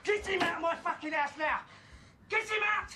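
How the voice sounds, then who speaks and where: A man's voice: very high-pitched, normal speed. Ray, a raging violent man. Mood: furious. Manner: shouting, swearing, threatening. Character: violent volatile man, drunk with rage. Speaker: film character. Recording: distant film audio, faint noise.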